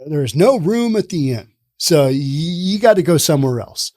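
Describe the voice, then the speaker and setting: A man hosts his own opinion podcast, ranting with heavy sarcasm. His voice sits a bit high and swoops up and down a lot as he gets worked up. The sound is dry and close, with no room around it. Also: expressive, moderate pace, darkish tone, no room sound. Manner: sarcastic, ranting, mocks others in put-on voices. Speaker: podcast host. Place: based in the Pacific Northwest.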